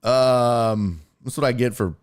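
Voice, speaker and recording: A man hosting a casual sports live stream, talking in an animated, incredulous way and swearing freely. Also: medium pitch, takes it slowly, clean tone. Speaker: sports show host and streamer.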